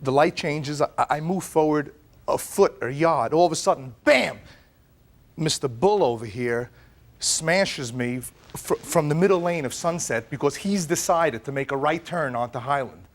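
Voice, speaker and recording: A man with a fairly high voice tells his side in a courtroom. He is animated and tumbles over his words, repeating himself as he rushes through the story. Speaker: plaintiff in a TV courtroom.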